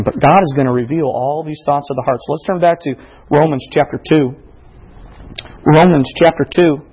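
A man preaching a sermon, reading scripture aloud and building to emphatic, animated points. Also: on the high side, slightly rough. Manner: preaching with rising emphasis and quoted exchanges. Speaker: pastor.

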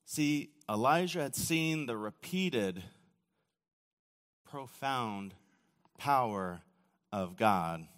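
A man preaching a sermon, telling the story casually with acted quotes, often dropping to a quiet, low voice. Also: lively intonation, very slow, pauses often. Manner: casual storytelling with acted quotes and sudden drops to near-whisper. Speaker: pastor. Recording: long hall reverb.

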